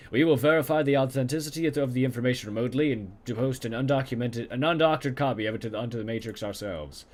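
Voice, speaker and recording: A man's voice: medium pitch, a little mellow. A man playing a video game and reading its narration aloud, with muttered casual comments between passages. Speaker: let's play gamer.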